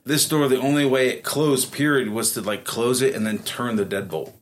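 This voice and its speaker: A man telling a story in a casual podcast chat, animated and profane, often laughing. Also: medium pitch, normal speed, slight background noise. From Ohio, USA. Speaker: podcast guest.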